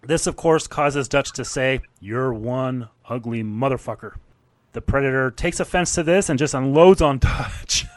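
A man's voice: fairly high pitch, moderate pace, few pauses, no room sound. A man recapping a film's scenes in casual chat, narrating events and laughing as he goes. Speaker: podcast co-host recapping a film.

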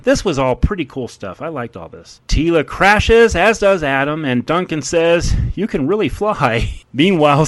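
A man's voice: a little high, no echo. A man casually recapping a movie scene by scene, chuckling often as he goes. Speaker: movie recap podcast host.

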